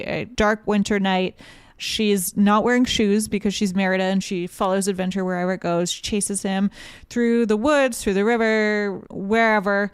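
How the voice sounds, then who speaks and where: A woman's voice: medium pitch, clean tone, dry recording, studio quality. A woman co-hosting a casual book club podcast, retelling the plot and briefly voicing the characters' lines. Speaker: podcast co-host summarizing a book. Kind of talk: casual chat.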